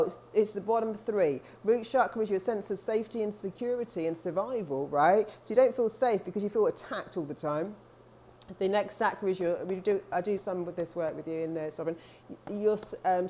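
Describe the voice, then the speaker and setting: A woman spiritual coach speaks to her viewers in a casual, earnest way, full of restarts and asides. Her voice is mellow and relaxed, sitting in the middle of the range for a woman. A faint hum runs behind her. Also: medium pitch. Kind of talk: casual talk to camera.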